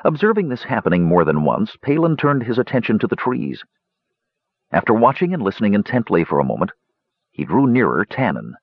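Male fantasy audiobook narrator, low and husky, lively delivery, dull dry audio. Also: fairly quick, no room sound. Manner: expressive storytelling.

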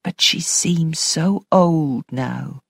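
A woman voicing a worried older housekeeper who speaks slowly and quietly. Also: creaky, slightly rough, no echo, clean studio sound, full character voice. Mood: sad. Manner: slow, low, hushed.

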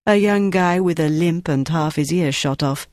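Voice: mid-range voice, normal speed, no echo, clean studio sound, lightly acted. A narrator voicing a composed young French woman who speaks coolly, in an audiobook. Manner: cool and calm on the phone. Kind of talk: audiobook character voice.

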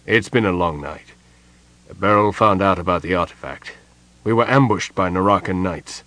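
A man voicing a weary, guarded middle-aged husband who speaks in an earnest, measured way. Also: low-pitched, a bit bright, no room sound.

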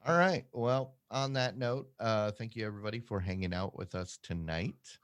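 The man co-hosting this podcast has a clean tone, with no room sound in the recording. He talks casually and at length, self-deprecating, with quick pitch jumps.

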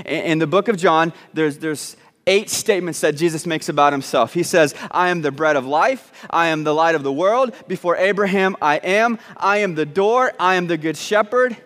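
A pastor preaching a sermon, emphatic and repetitive, with joking asides to the congregation. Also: male voice, a little high, normal speed, a bit bright. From Southern United States (Arkansas, Texas). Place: church sanctuary. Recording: long church reverb.

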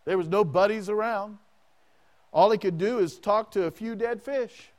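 A man's voice: high voice, normal speed. A man preaching a sermon as pastor, asking the congregation questions and acting out prayers in the first person.

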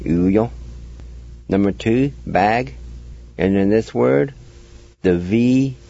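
A man teaches a radio language lesson at a very slow, patient pace. He spells each word out letter by letter and repeats it, his low voice coming through a dull, lo-fi recording. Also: gravelly, dark tone.

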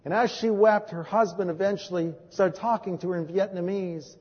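A man preaching as a pastor, telling stories from his ministry and moving between hushed and emphatic delivery. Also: high-pitched, steady tone, normal speed, slightly rough. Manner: storytelling, swings from hushed to emphatic. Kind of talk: sermon with personal testimony. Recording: dull recording in a reverberant hall.

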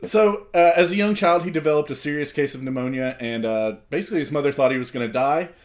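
A man's voice: on the high side, fast talker. A man co-hosting a comedy podcast who reads out background facts in casual chat. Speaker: podcast co-host.

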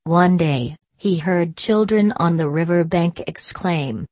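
A woman narrating a fairy tale as scripted storybook narration, in a measured, gentle reading. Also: lowish voice, no echo.

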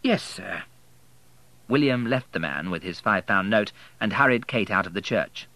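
A man narrating an audiobook in a measured, expressive way. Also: lowish voice, dry recording, rough recording.

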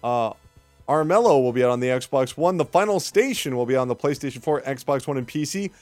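A man's voice: medium pitch, expressive, a little fast, a little mellow, no echo, soft background music. A man hosting a gaming news podcast, reading release lists and ranting with sarcastic, mock-dramatic outrage. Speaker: podcast host.

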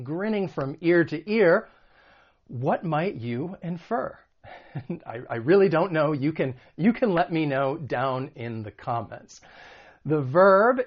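Male vocab teacher, friendly and explanatory, slightly higher voice, muffled recording. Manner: friendly, explanatory, asks the viewer questions. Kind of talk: video lesson.

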